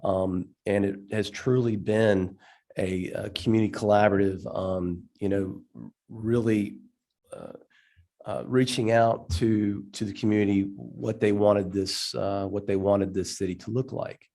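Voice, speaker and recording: Stuffy low-voiced man testifying. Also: steady tone, creaky, dark tone. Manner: halting, many ums and restarts. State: stuffy from a cold. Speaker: state representative presenting a bill. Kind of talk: legislative hearing testimony.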